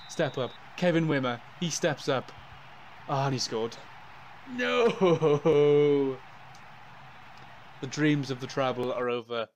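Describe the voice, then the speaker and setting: A man doing let's-play commentary on a football management game, excitable and swinging from loud cheering to gloomy muttering. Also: medium pitch. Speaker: gaming YouTuber.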